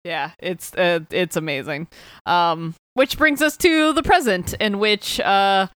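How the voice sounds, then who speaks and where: Smooth-voiced woman chatting about comics. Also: fairly low pitch, slow, a bit bright, no room sound, clean studio sound. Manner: enthusiastic, swears often, acts out quotes. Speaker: podcast co-host discussing comics. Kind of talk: casual chat.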